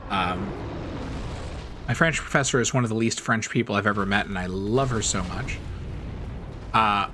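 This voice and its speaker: A man's voice: medium pitch, animated, normal speed, sharp tone, a little hiss or hum. A man streaming a game, telling stories in a rambling, chatty way and laughing often. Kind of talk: casual chat while gaming.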